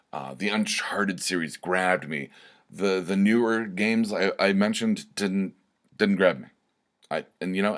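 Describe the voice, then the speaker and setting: Young male podcast host, very deep voice, casual rambling monologue full of fillers. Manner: rambling, self-deprecating, many fillers and restarts.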